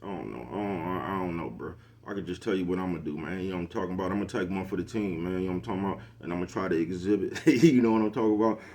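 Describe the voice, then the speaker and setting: A middle-aged man with a low, darkish voice talks fast with few pauses, hosting his own vlog show. He rants casually to the camera in a laid-back, slangy way, forever asking whether you know what he's talking about.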